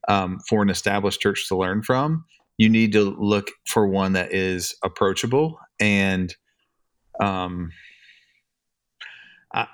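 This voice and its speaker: A man's voice: fairly low pitch, takes it slowly, long pauses, clean tone, dry recording. A middle-aged man co-hosting a podcast about church leadership, thoughtful and searching for his words. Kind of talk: casual podcast discussion.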